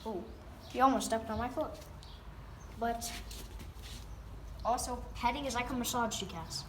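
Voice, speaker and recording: A woman's voice: a little high, a little slow, fairly bright tone. Doting woman filming her cat. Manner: chatty, doting, with frequent fillers and restarts. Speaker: pet vlogger. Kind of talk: casual narration while filming her cat. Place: at home near a backyard. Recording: roomy, distant mic, noisy background.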